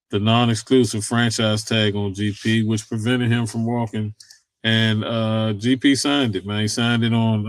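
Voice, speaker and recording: A man's voice: fairly low pitch, clear, resonant tone, no room sound. A man hosting a sports talk show, chatting loosely about football contracts with lots of fillers and casual vernacular. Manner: loose and conversational, many fillers, Southern US vernacular. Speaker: sports podcast host.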